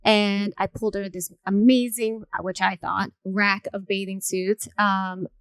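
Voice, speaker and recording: Chatty woman moderating a panel, smooth voice. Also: medium pitch, measured pace, dry recording. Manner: chatty, lively, with many fillers. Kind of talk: panel storytelling.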